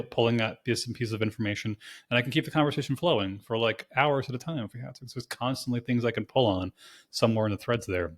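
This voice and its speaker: A male podcast host with a lowish voice who talks fast and loose. He is animated and casual, swears freely and scatters "like" through every sentence. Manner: rapid, animated, swears casually, lots of filler "like". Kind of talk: casual conversational podcast chat.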